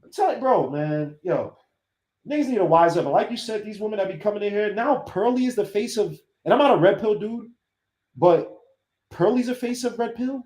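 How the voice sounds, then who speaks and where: A man's voice: sits high, lively intonation, brisk, a little mellow. A man on a casual podcast, telling stories with animation and acting out the voices of people he quotes. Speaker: podcast host. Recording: roomy echo.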